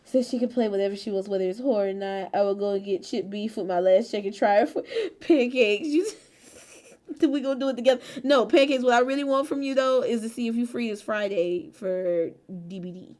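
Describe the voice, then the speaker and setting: A woman hosts a casual stream chat, laughing often, swearing freely, and teasing her friends. She speaks briskly in a medium-pitched, slightly mellow voice.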